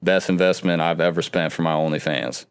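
A man's voice: low voice, level tone, fairly quick, clean tone. A man, a comedian guest on a podcast, chatting casually and laughing often. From Chicago. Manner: loose, joking, laughs often.

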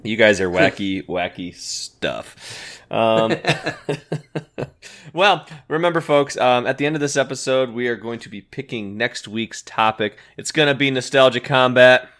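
Giggly, halting male podcast co-host. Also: medium pitch, a bit bright. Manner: giggly, hesitant with fillers. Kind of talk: casual podcast chat.

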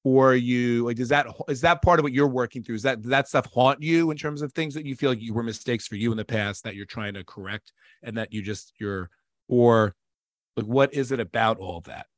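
A man talking in a casual interview, emphatic and animated and quick to jump in. His voice sits at an average pitch. The sound is dry and close, with no room echo. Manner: animated, talks over others, emphatic.

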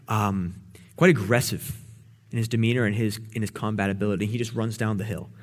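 A young man preaching a casual, storytelling sermon to young adults, with lots of fillers and restarts as he builds toward a challenge. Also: medium pitch. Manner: conversational, fillers and repeated words, builds to exhortation.

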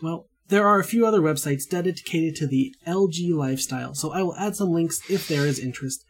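A man's voice: a little high, a little fast, slightly rough. A man co-hosting a comedy podcast, playful and sarcastic. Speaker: podcast co-host. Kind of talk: casual comedic banter.

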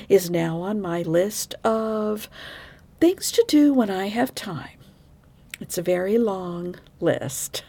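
A woman narrates a true crime case for her podcast listeners. She talks slowly and takes her time. Her pitch rises and falls a lot, and she offers her blunt opinions between the facts. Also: creaky, warm tone, breathy edge. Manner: opinionated, conversational, frank asides. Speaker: podcast host.

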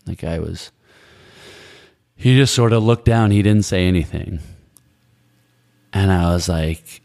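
A man's voice: low voice, takes it slowly, pauses often, darkish tone, no echo, studio quality. A man in his forties recalling his past, telling it in a meandering, reflective way with many restarts. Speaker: guest recalling Peace Corps service. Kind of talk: casual conversational storytelling.

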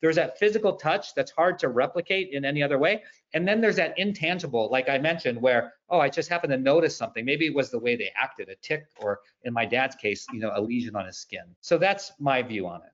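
A man's voice: mid-range voice, animated, a little fast, a bit bright, dull audio. A man speaking as a panel guest on a webinar, telling personal stories in a conversational way. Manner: storytelling, conversational. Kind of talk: webinar discussion.

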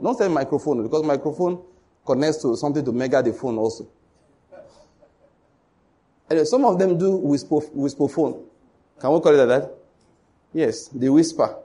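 A man's voice: on the high side, warm tone, husky. A man preaching a sermon, emphatic and repetitive, often asking the congregation whether they follow.

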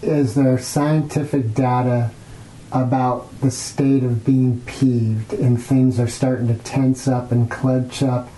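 A male interviewer asks curious, probing questions at a brisk clip. His tone is mellow and rounded. The recording carries a roomy echo. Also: medium pitch, level tone, a little hiss or hum.

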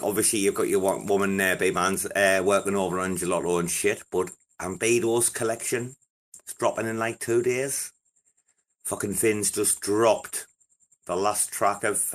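A young man with a fairly low voice hosts a loose, unscripted crypto chat show. He rambles and swears constantly, with excitable banter aimed at his listeners. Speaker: host of a crypto breakfast show. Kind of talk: casual live audio chat.

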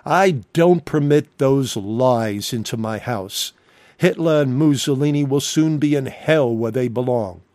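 A man's voice: medium pitch, measured pace, darkish tone, no echo, lightly acted. A preacher voicing a stern, forbidding old male evangelist who gives blunt commands. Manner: curt, commanding.

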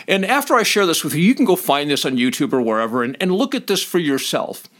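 A middle-aged former cop tells stories in a blunt, animated voice that swings up and down a lot. He sits a little higher than most men, swears freely and now and then acts out shouted commands. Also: quick pace. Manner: blunt, swears freely, laughs between points. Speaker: former police officer. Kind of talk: casual storytelling monologue.

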